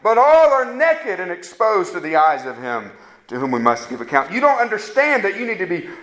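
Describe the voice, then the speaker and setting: A man's voice: sits high, huge pitch swings, brisk, fairly bright tone. A man preaching a fervent sermon that rises to emphatic peaks. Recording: echoey room sound.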